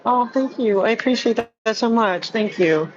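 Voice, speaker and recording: A casual live-streamer, rambling with plenty of fillers and restarts at a middle pitch. The audio is slightly dull, with a busy crowd clearly audible in the background. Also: moderate pace. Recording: muffled with crowd chatter behind.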